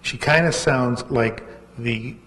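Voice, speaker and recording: A man's voice: mid-range voice, slow, fairly bright tone, in a large hall. A man, an author telling a rambling, self-mocking anecdote at a book launch. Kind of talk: anecdotal storytelling talk. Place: book launch event hall.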